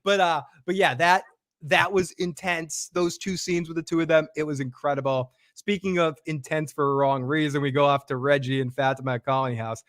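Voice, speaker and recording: A man chats through a TV episode recap, his voice sitting a little high and sounding dry and close to the mic. He talks in an animated, loose way, often slipping into quoted lines from the show. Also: fairly quick, no echo. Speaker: podcast co-host recapping a TV episode. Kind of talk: casual chat.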